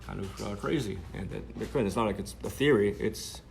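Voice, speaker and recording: A man's voice: fairly low pitch, brisk, vocal fry, a little hiss or hum. A man telling a story to camera in a sardonic, rambling way, with many fillers.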